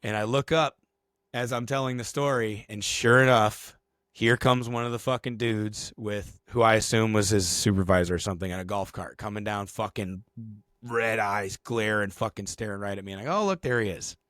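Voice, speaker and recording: A man co-hosting a podcast, telling a story in casual, profane, animated fashion. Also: on the low side, normal speed, no echo. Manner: animated, profane storytelling with shouted acted quotes. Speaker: podcast co-host.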